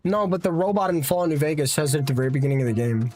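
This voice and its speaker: Exasperated streamer with a lively, swooping voice. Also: mid-range voice, very fast, soft background music. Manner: exasperated, repeats disbelieving questions, talks to chat. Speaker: streamer playing a battle royale game. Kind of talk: live gameplay commentary chatting with viewers.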